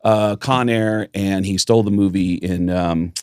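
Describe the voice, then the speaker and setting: A man's voice: sits low, fairly even intonation, measured pace, darkish tone, smooth, no room sound, studio quality. A man who is a comedian and podcast host, telling a story in casual chat, swearing freely and acting out the people in it.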